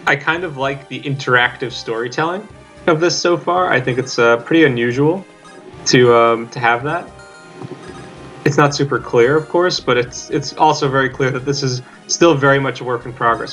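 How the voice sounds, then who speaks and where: A man talks his way through a game in easy, rambling commentary, thinking aloud as he goes. His voice sits at an ordinary middle pitch. Quiet game music plays underneath. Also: normal speed, rough recording. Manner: chatty, musing, often reads game text aloud. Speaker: let's play commentator.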